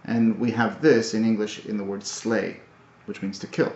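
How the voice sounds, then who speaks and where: A man recapping his language studies in a casual video, talking in a halting, thoughtful way with many fillers and restarts. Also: on the low side, level tone, a little mellow. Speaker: language learner. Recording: roomy, dull lo-fi audio.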